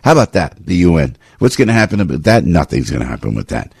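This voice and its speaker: A man's voice: deep voice, sing-song, fast talker, vocal fry, darkish tone, slightly rough, no echo, clean studio sound. A man hosting a radio talk show, delivering a fired-up political commentary monologue and repeating his phrases as he rants.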